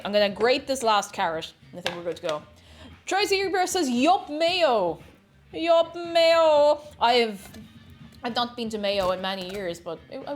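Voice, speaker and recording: A variety streamer with a lowish voice bakes while chatting casually with her chat, greeting viewers by name and laughing often.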